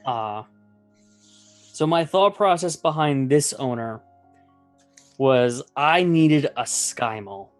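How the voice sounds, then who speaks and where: A man hosting a casual tabletop gaming chat, explaining ideas in a relaxed way with fillers. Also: mid-range voice, takes it slowly, long pauses, faint music behind. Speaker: podcast host.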